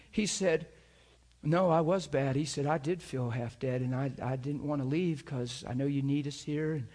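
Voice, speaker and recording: A man preaching a sermon, telling a personal story and acting out the dialogue with lively, shifting energy. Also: moderate pace. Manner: animated storyteller acting out dialogue, pitch jumping up when excited. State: crying while retelling.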